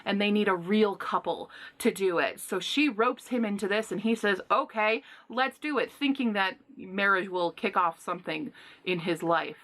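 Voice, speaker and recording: A woman at a middle pitch giving a casual book review, heated and ranting as she retells a plot. Her delivery is animated and exasperated, full of sighs and blunt asides. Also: moderate pace.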